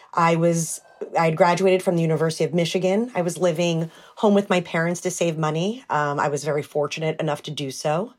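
American woman, 30s, founder in interview; lower pitch, lively storyteller. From United States. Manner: animated, acts out quoted dialogue with fillers. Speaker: brand founder.

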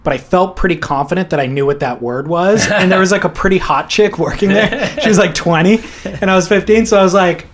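A middle-aged man hosting a surf podcast, telling stories in a relaxed, chatty way. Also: sits high, brisk, few pauses, crowd noise. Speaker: podcast host. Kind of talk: casual podcast chat.

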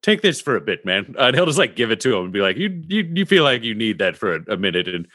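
A man player with a lowish, lively voice, talking fast. His tone is bright and forceful, and the sound is dry and close. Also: no room sound. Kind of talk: casual tabletop game play.

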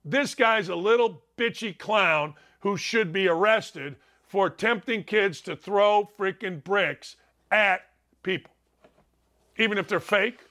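An older man hosting a talk show in a high, bright voice. He rants bluntly and combatively, firing off opinions in a monologue. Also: takes it slowly. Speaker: sports talk show host.

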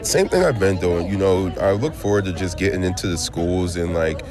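A man with a very low voice talks in a laid-back, grateful way, his words heavy with emotion and a choked-up edge. He sounds distant from the mic, with music playing clearly behind him at a public event. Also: normal speed. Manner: laid-back, laughs often, fillers like "you know". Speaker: retired football player. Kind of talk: emotional speech and casual interview. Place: city hall event, indoors.

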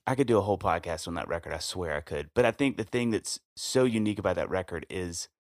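A man's voice: low-pitched, fast talker, no echo, clean studio sound. A man co-hosting a podcast, telling stories in casual chat with lots of laughter. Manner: animated storyteller, laughs often. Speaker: podcast co-host.

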